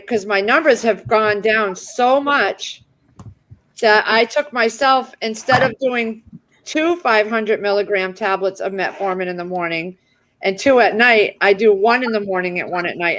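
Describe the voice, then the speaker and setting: A woman's voice: medium pitch, fairly bright tone, poor audio. Chatty woman streamer. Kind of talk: casual group chat.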